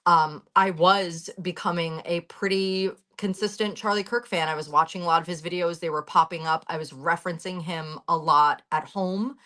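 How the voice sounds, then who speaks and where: Blunt woman in her 30s on a video call, lowish voice, swears a lot, talks urgent and heated. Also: steady tone, normal speed, hardly any pauses, fairly bright tone. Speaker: guest on a talk show. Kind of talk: emotional personal account.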